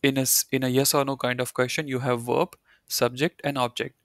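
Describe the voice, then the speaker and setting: A man's voice: medium pitch, little pitch movement, fairly quick, fairly bright tone, no echo, studio quality. A man teaching a German lesson, explaining step by step and often repeating key points with "you know" and "right". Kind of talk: live online language lesson.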